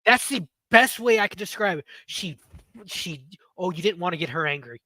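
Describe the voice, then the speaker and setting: A man's voice: sits high, expressive, moderate pace, pushed and bright, no room sound. A man, hosting a podcast and telling rambling stories in casual chat. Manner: rambling, self-interrupting storyteller. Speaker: podcast host.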